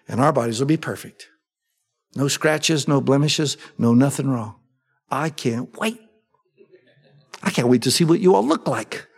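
A man preaching a sermon, asking his congregation questions and answering them himself, swinging between raised emphatic lines and soft low asides. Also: husky. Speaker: pastor. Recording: long reverb of a large hall.

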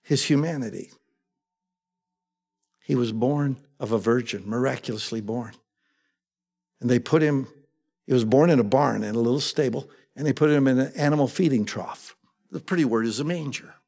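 A medium-pitched, slightly mellow male voice delivers a conversational sermon at a moderate pace with long pauses. He reads verses and then puts them into plain modern language, and the long reverb of a large hall carries his words.

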